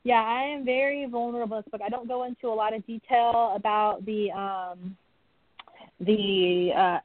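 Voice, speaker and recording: A woman's voice: fairly high pitch, fairly even intonation, moderate pace. A woman guest speaking candidly about her book, open and earnest. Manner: earnest, open, warm-hearted storytelling. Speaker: podcast guest, author. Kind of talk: candid interview talk. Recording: dry tinny phone line.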